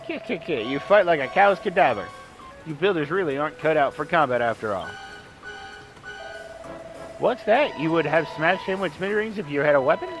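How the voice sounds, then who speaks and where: A man's voice: on the high side, expressive, normal speed, pauses often, rough recording. A man voicing a cocky Southern skeleton sailor. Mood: taunting. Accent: put-on American Southern. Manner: taunting, brash, cackling laugh. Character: cocky male skeleton sailor, mocking and boastful. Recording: game music behind voice.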